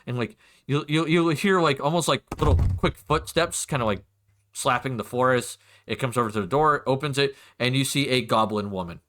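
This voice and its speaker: Bright-voiced man running a tabletop game. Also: mid-range voice, normal speed. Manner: casual, loose narration with many fillers. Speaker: game master.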